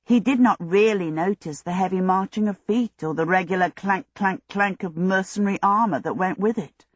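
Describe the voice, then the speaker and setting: An audiobook narrator reading a fantasy story in a steady, measured way. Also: mid-range voice, no room sound. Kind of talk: scripted narration. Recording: dull lo-fi audio.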